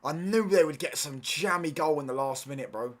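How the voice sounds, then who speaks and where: A man's voice: fairly high pitch, a little fast. Slangy, ranting man on a stream. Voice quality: heavy slang, repeats himself, ranting. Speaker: watchalong streamer. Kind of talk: live football watchalong chat.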